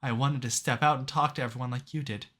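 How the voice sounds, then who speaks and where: A man voicing a tired, motherly young woman who pleads softly and apologetically in a visual novel. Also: mid-range voice, very animated, quick pace, husky. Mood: weak, tearful. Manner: soft, breaking, apologetic.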